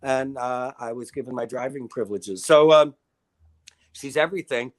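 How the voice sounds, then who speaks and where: A man's voice: medium pitch, normal speed. An older man, a guest in a casual interview, telling long stories in a wry, self-deprecating way.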